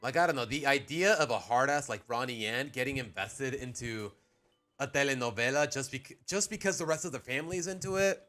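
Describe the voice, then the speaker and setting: This man's mid-range voice is pushed and bright, a little fast, with soft background music. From Mexico, he streams live ranking cartoon episodes, rambling through opinions and repeatedly interrupting himself.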